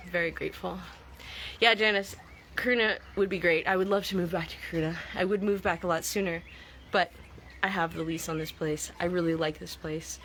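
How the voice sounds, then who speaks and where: A woman's voice: sits low, a bit bright, slight background noise. Chatty woman talking to viewers. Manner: chatty, reflective, reads viewer names aloud. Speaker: vlogger. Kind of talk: casual live-stream chat.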